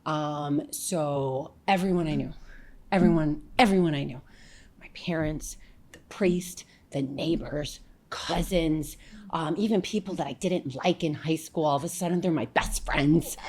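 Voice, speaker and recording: A woman from upstate New York, a podcast guest telling stories in an animated way and acting out the voices of others with big swings in pitch and loudness. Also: measured pace. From upstate New York, USA. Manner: lively, acts out quotes with big jumps in pitch and volume. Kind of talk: animated storytelling in a podcast interview.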